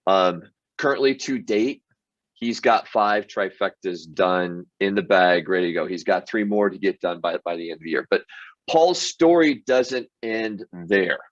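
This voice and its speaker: A man's voice: deep voice, a little slow, dry recording, highs cut off. A man hosting a motivational sales show, telling stories earnestly with frequent restarts and filler words. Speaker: sales team leader and show host. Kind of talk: motivational storytelling monologue.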